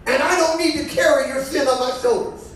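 A man's voice: very high-pitched, brisk, fairly bright tone, slight background noise. A man preaching as a bishop in a conversational style, answered by the congregation. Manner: conversational preaching with call-and-response. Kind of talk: sermon. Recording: echoey church from far off.

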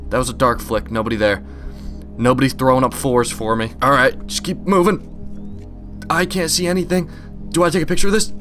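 A man's voice: medium pitch, fairly bright tone. Jumpy young man narrating a horror game. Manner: jumpy, nervous, talks to himself while playing. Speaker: gaming channel host.

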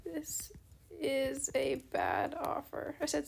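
A young woman with a high voice that drops into a gravelly fry, chatting casually over gameplay. She talks in a loose, rambling way, often saying sorry and perking up at new things. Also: normal speed, a little hiss or hum. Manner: chatty, apologetic, easily excited. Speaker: gaming channel host.

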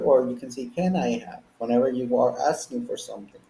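A man's voice: mid-range voice, lively intonation, moderate pace, gravelly, dark tone, echoey room, slight background noise, poor audio. A man teaching an English lesson, explaining and modeling example phrases and their stress. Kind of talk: classroom lesson.

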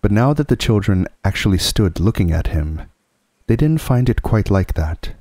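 A man reading a classic children's book aloud as a calm, soothing sleep story. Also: fairly low pitch, normal speed, dry recording.

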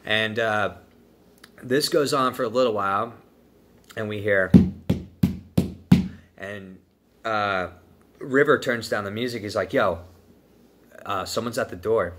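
A man's voice: lowish voice, takes it slowly, long pauses, very noisy. A young man from the United States telling a long story in a casual, profane, laid-back way, full of "dude" and "man". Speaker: vlogger telling a trip story.

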